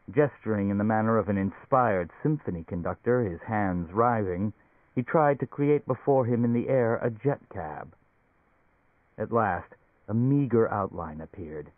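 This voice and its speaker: Low-voiced man narrating a novel. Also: dry recording. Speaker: audiobook narrator. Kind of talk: scripted audiobook narration. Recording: dry, phone-like narrow sound.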